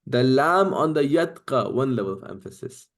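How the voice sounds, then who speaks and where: A man's voice: mid-range voice, expressive, normal speed. A man teaching an online class, explaining step by step and often checking in with "right?" and "okay?". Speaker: Quranic Arabic teacher.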